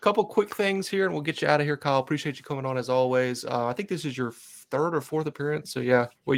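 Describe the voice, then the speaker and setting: A man hosting a fan podcast, upbeat, introducing upcoming guests and asking questions. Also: fairly high pitch. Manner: upbeat, plugs upcoming episodes. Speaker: podcast host.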